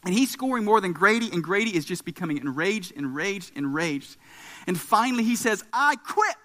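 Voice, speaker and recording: A high, bright male voice delivers a sermon with lively storytelling and punchy emphasis. He sounds like a pastor in his thirties. His words ring out with a long reverb in a large hall. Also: fairly quick. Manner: animated storytelling with emphatic rises.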